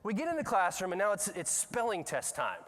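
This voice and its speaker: A man speaking at a conference, telling a story with lively, self-mocking energy. His voice sits high and swoops widely in pitch. The sound rings through a large hall with a long reverb tail. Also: a little fast. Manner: animated, self-mocking storyteller who acts out scenes. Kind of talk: storytelling keynote talk.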